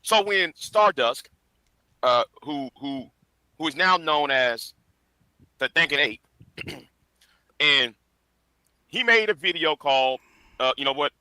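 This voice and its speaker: A man lecturing to camera in a preachy tone, pausing and restarting as he makes his point. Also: fairly high pitch, lively intonation, sharp tone, smooth, no echo, low-quality recording. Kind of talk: lecturing video commentary.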